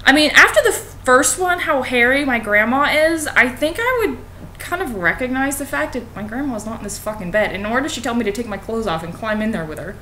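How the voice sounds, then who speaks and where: A woman's voice: on the high side, lively intonation, a little fast, bright, forceful tone, a little hiss or hum. A young woman, a college student, casually reading a fairy tale aloud with sarcastic, profane asides. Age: young adult.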